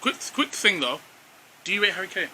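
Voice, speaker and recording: A man rattling through football arguments with his co-host, throwing in "bro" and "fam" and turning to the audience. He talks fast in a high, very bright voice. Faint ambient noise sits behind him. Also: big pitch swings. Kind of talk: casual football banter.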